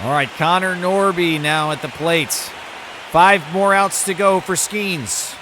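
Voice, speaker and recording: A man's voice: high-pitched, unhurried, noisy background. A man commentating his own video game baseball season, switching between broadcaster-style calls and muttered asides. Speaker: gaming YouTuber.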